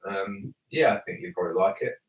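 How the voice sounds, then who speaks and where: A man co-hosting a casual gaming podcast, answering in a dry, deadpan way. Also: deep voice, fairly quick, recorded from a distance, lo-fi sound. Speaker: podcast co-host. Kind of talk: casual live-stream chat. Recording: echoey room, away from mic.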